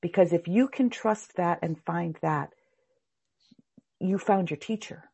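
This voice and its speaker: A woman's voice: fairly low pitch, a little slow, creaky, warm tone, husky. A woman teaching a spiritual class in a heartfelt, rambling, emphatic way. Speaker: meditation teacher.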